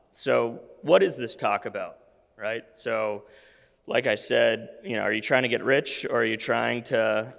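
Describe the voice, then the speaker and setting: A man in his thirties talks through a conference presentation in a loose, casual way, full of fillers and restarts. His voice is gravelly and a little worn, as if he is losing it. The sound rings with the long reverb of a large hall. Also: medium pitch, a bit bright. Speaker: conference speaker.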